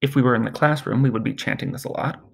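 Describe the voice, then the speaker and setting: A male Latin teacher giving a recorded lesson, explaining grammar in a relaxed, chatty way and chanting word forms as drills. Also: mid-range voice, fast talker, vocal fry, slightly rough.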